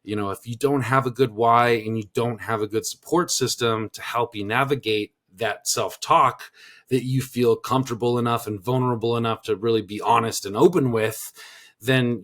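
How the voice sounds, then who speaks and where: Man in his thirties, mid-pitched voice, earnest reflective podcast chat. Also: steady tone, moderate pace, a bit bright. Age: 30s. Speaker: podcast co-host.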